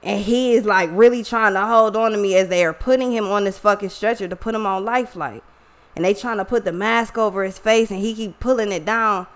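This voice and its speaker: A woman who reads and vlogs online tells her viewers a personal story, addressing them directly in a casual, emotional way full of slang and profanity. Her voice is medium in pitch and fairly quick.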